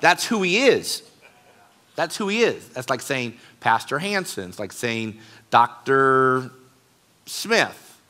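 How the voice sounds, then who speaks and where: Male pastor, bright forceful tone, chatty sermon delivery with emphatic stresses. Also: mid-range voice, big pitch swings, takes it slowly. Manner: conversational, rising to emphatic stresses. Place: church.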